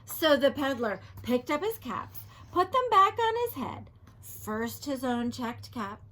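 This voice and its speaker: A woman teacher reading a children's storybook aloud, animated, asking the children questions and sometimes dropping to a whisper. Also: high voice, slow pace.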